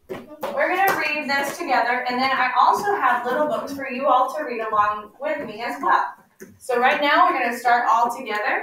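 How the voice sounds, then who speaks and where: Bright high-pitched lady teacher quizzing kids back and forth, echoey classroom, mic far off. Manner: call-and-response prompting, slows down to stress words. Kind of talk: classroom instruction. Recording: echoey room, mic far off, faint noise.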